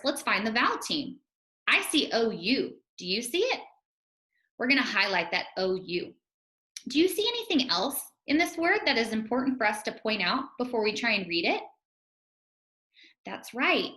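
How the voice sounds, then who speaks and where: A woman teacher leads young children through a phonics lesson, her voice bright and clear. She speaks slowly and encouragingly, sounding out each letter. The recording carries a roomy echo. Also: medium pitch.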